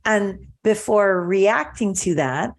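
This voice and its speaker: A podcast host speaks calmly and slowly at a medium pitch, explaining ideas in a reflective conversation. Thinking aloud, she often restarts and repeats words.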